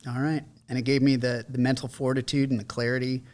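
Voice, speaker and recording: An American man in his forties, a veteran guest telling stories in a casual interview, animated, acting out quotes with many fillers. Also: mid-range voice, quick pace. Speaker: podcast guest, combat veteran.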